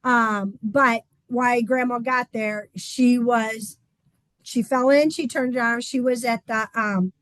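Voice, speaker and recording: A woman's voice: a little high, fairly even intonation, takes it slowly, fairly bright tone, no room sound, poor audio. Chatty woman swim instructor. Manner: chatty, with frequent "um" fillers. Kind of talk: casual informational talk.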